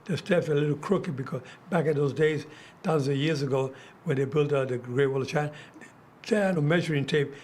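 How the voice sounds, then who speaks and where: A man's voice: fairly high pitch, fairly quick, darkish tone, a little hiss or hum. Older man host telling rambling stories. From United States. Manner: rambling, many restarts and fillers. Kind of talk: casual storytelling chat.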